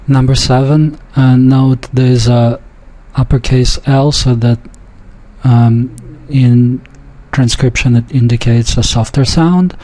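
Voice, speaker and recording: Slow, methodical male language teacher. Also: mid-range voice, dark tone. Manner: slow, methodical, repeats each example sentence. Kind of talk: pronunciation lesson.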